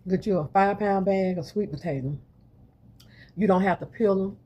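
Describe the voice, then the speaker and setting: A woman's voice: medium pitch, moderate pace, dark tone. A middle-aged woman, hosting a casual home cooking video and chatting straight to her viewers in a homey way. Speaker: cooking channel host. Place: home kitchen.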